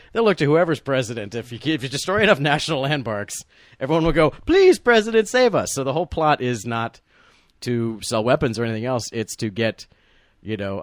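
A man's voice: mid-range voice, no room sound. Guy cohosting a movie podcast, laughs a lot, does goofy voices for quotes, dry close sound. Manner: loose, laughing, puts on silly voices for quotes. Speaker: podcast co-host. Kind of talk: casual chat about movies.

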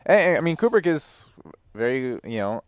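A man's voice: mid-range voice, very animated, moderate pace. A man co-hosting a movie commentary podcast, hesitant and swearing casually as he thinks aloud. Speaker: podcast co-host.

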